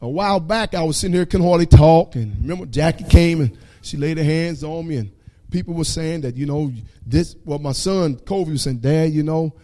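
A man's voice: fairly high pitch, moderate pace, dark tone. A man giving a fervent church testimony with a repetitive preaching cadence.

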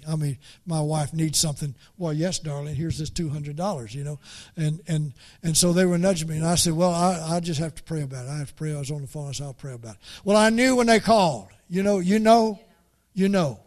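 A man preaching a folksy story, halting and repeating words as he goes. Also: on the high side, mellow. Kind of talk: storytelling sermon.

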